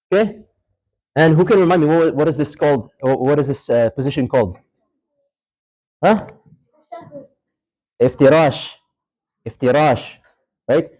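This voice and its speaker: A fairly high, slightly mellow male voice comes through a low-quality recording of a mosque hall class. The religious teacher keeps it informal, putting questions to students, repeating key points, and demonstrating with brief Arabic recitations and phrases.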